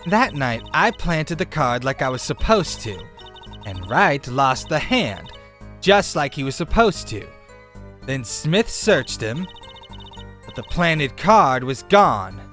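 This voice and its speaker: A man's voice: on the high side, sing-song, slow, fairly bright tone, faint music behind, full character voice. A man voicing a scheming female card-shark waitress with a put-on hillbilly drawl, theatrical and boastful while reading game dialogue. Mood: conspiratorial.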